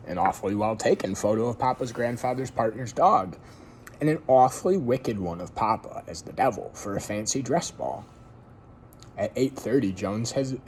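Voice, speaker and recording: Casual male reader, lively intonation, chatty, informal read-aloud. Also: mid-range voice, slight background noise. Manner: relaxed, chatty asides to listeners. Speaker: story reader.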